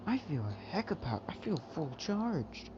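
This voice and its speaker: A man's voice: high voice, very animated, normal speed, pitched above the performer's own voice. A man voicing a laid-back, bashful teenage boy hero, in an offhand, mumbled way. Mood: easygoing. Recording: dull, noisy home mic.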